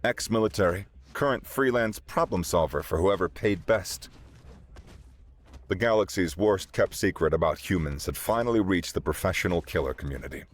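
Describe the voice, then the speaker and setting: A man narrating a sci-fi story in a steady, dramatic way. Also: low voice, moderate pace.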